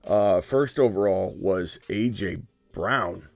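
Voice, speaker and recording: A man hosting a live stream, joking and excitable as he talks through his picks, sometimes dropping to a hushed whisper. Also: low voice, normal speed, dry recording. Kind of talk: casual live-stream commentary.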